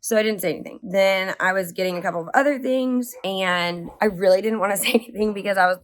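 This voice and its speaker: Chatty woman vlogger rambling through a story. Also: medium pitch. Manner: animated, rambling, heavy use of "like"; speeds up and slows down often. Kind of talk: casual storytelling to camera.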